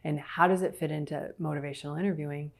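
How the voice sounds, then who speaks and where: Low-voiced woman giving a lecture. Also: steady tone, fast talker. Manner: explains step by step, acts out patient and clinician lines. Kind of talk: recorded virtual lecture.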